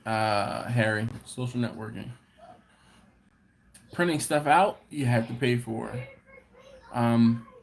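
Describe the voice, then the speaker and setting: This man speaks in a mid-range voice, with slight background noise behind him. Hosting a live-stream Q&A on his barbecue channel, he's a relaxed storyteller who laughs and performs other people's quotes.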